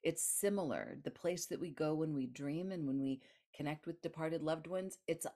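A woman guest author in an interview, telling a personal story in an animated way, laughing and acting out the voices of others. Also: deep voice, normal speed.

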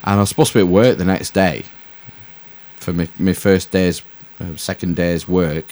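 A man's voice: sits low, steady tone, moderate pace, darkish tone. A man telling a rambling, sweary story as a podcast co-host. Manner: rambling, swears freely, self-mocking. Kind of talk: casual storytelling chat.

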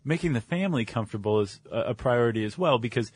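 A man's voice: medium pitch, lively intonation, quick pace, breathy edge, no room sound. Man chatting on a podcast, lots of ums, dry studio sound. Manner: explains with fillers and restarts. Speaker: podcast co-host. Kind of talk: casual conversational chat.

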